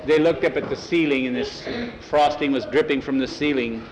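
A man telling a homespun family story aloud in an easygoing, unhurried way, voicing the characters as he goes. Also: mid-range voice, reverberant, a crowd in the background, poor audio. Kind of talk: oral storytelling.

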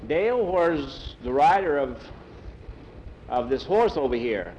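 A man voicing a sly, scheming boss who speaks in a smooth manner. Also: a little high, very animated, slow, darkish tone, lo-fi sound, a little hiss or hum.

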